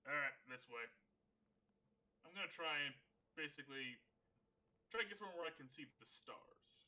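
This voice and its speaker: Upbeat man player, very bright and tense tone. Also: a little high, lively intonation, normal speed. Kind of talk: casual tabletop game chat.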